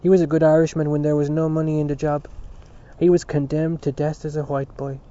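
A man's voice: on the high side, level tone, brisk, mellow, lightly acted. A man playing a scornful, blustering middle-aged father. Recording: dull lo-fi recording.

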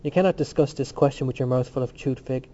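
A man's voice: mid-range voice, fast talker, dark tone, dull audio, a little hiss or hum, natural voice. A man reading a bitter, brooding young man. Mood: terse.

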